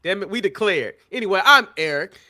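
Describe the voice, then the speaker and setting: A man's voice: high-pitched, animated, a little fast, sharp tone. A man hosting a wrestling podcast in casual chat, steering the talk and teasing his co-hosts. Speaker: podcast host.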